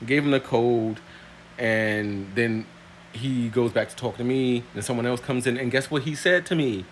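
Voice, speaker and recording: Animated storytelling man, faint background hum. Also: a little fast. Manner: animated, emphatic, swings from low asides to loud high outbursts. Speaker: vlogger. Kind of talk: casual storytelling to camera.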